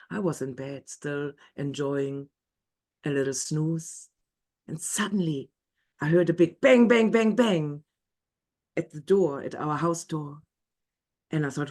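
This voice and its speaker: A woman telling a story aloud to an audience, animated, laughing often and dropping into whispers. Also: sits low. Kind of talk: live storytelling.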